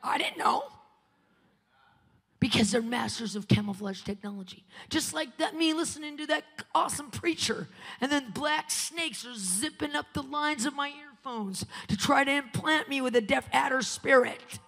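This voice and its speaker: A woman preacher giving a fiery sermon in a church, swinging between shouting and hushed whispers. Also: high voice, moderate pace, vocal fry. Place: church sanctuary. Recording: long church-hall reverb.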